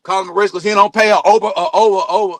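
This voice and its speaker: Heated, high-voiced man ranting about football. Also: steady tone, rapid-fire, dry recording. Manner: heated, blunt, swears a lot, swings loud and quiet. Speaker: sports talk show host. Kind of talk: profane sports opinion rant. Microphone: streaming mic.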